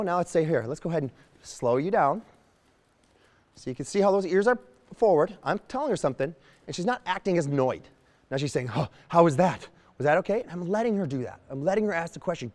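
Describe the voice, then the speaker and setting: Fast-talking horse trainer, echoey. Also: male voice, on the high side, darkish tone. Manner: explains while working, voicing the horse's thoughts. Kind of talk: outdoor training demonstration.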